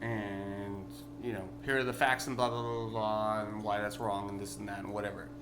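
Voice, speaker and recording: A tipsy man delivering a rambling, profane vlog rant that bursts into yelling. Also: lowish voice, level tone, moderate pace, music in the background. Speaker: vlogger. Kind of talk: ranting vlog monologue.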